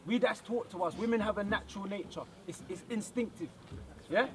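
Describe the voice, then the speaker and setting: A man's voice: high-pitched, brisk. A man exhorting young people at an outdoor street gathering, checking in with listeners as he speaks. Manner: exhorting, checks in with constant "yeah?". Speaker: community speaker. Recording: outdoor crowd noise. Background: crowd.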